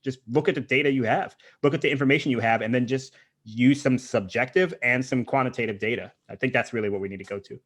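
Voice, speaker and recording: A man's voice: mid-range voice, fairly bright tone. A man hosting a podcast, talking casually and laughing often. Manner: fast, chatty, laughs often. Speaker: podcast host.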